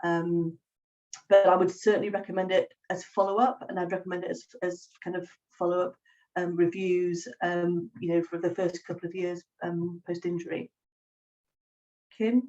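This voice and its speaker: A woman, a psychologist hosting a webinar, speaking in a measured way with many pauses over a video call. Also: fairly low pitch, little pitch movement, warm tone. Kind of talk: professional discussion on a video call. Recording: distant, dull lo-fi call audio.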